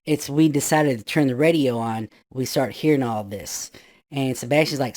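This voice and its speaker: A man in his fifties tells a ghost story from his youth in a casual, meandering way. He keeps dropping in "you know" asides, and his voice sits at an ordinary middle pitch. He sometimes jumps up loud to act out the panicked shouts of others. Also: moderate pace. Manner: rambling, full of "you know" asides, acts out shouted quotes. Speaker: guest storyteller.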